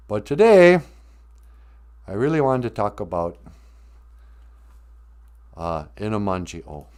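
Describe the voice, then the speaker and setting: A man's voice: mid-range voice, darkish tone. A man hosting a casual livestream language lesson, playful and chatty, often laughing as he teaches words.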